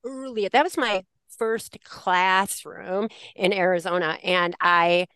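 Animated woman storyteller, dry close sound. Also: medium pitch, slow, clean tone, no echo. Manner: animated storyteller, acts out quoted lines; laughs often while talking. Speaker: special education teacher. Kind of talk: anecdotal podcast conversation.

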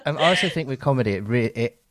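A man hosting a casual chat, halting and self-deprecating, swearing casually. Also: medium pitch, animated, a crowd in the background.

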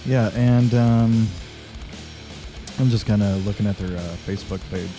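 A man's voice: fairly low pitch, steady tone, unhurried, music in the background. A man co-hosting a podcast in casual chat, rambling and correcting himself as he talks. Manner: rambling, self-correcting, loose. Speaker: podcast co-host.

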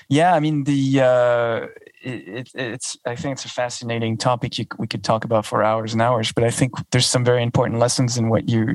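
A man hosting an interview, friendly and halting, with many fillers. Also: mid-range voice, dry recording, poor audio. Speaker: interview host, freelancer. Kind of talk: conversational interview.

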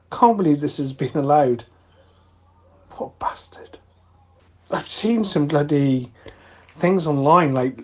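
A man's voice: on the high side, darkish tone, dull audio. A man in improvised comic chat, swearing and sounding mock-outraged.

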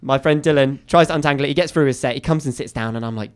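A comedian telling animated anecdotes as a guest in a radio studio. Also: male voice, medium pitch, racing, smooth. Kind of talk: storytelling on a radio chat show.

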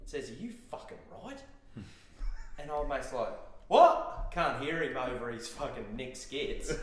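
Australian man, podcast guest, casual storytelling, mid pitch, swears a lot, roomy echo. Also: slight background noise. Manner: swearing, laughing anecdote teller.

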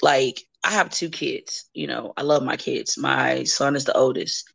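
Gravelly, blunt-talking woman. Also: extremely low pitch, measured pace. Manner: blunt, profane, animated storytelling. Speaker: podcast guest, wrestler. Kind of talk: casual chat.

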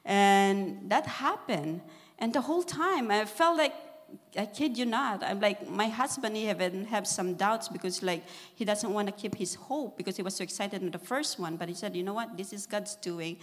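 A woman giving a fervent testimony in church, talking quickly with bursts of laughter. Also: medium pitch, animated. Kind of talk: emotional spoken testimony. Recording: long hall reverb.

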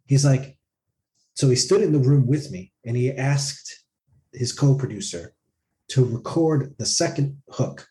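During a laid-back interview, this male singer shares an animated anecdote, quoting and acting out what other people said. He has a medium-pitched voice and a slightly slow delivery.

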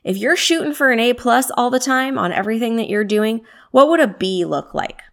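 A woman's voice: a little high, animated, brisk. A woman wellness coach giving a self-help talk in a conversational way, often asking rhetorical questions and laughing easily. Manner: conversational, with frequent rhetorical questions and tag "right?"; laughs easily while speaking.

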